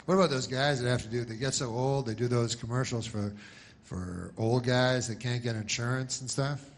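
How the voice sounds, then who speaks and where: A man doing rambling stand-up comedy in a deadpan, meandering way. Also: medium pitch, a little hiss or hum. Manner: deadpan, meandering, slow-burn.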